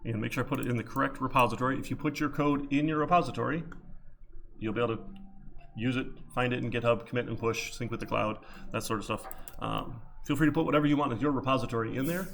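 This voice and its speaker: A man's voice: medium pitch, steady tone, fast, gravelly, fairly bright tone, a little hiss or hum. A man teaching a college programming class in a casual, chatty lecture, often checking in with "right?". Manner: chatty, filler-heavy, repeats "right?".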